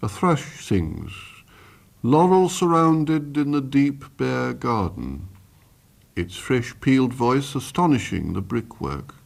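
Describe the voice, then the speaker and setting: Man, poetry reading, slow measured delivery, gravelly. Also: mid-range voice, very animated. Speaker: poet.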